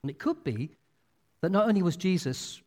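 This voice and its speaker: Male preacher, high and lively voice, sermon style, reverberant hall. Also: moderate pace. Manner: animated, expressive storytelling delivery. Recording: long reverb of a large hall.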